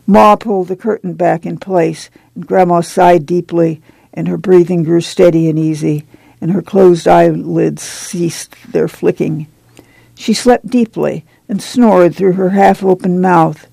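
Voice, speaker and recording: Gravelly, mellow audiobook narrator. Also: medium pitch, steady tone, measured pace, dry recording, poor audio. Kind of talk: audiobook reading of a novel.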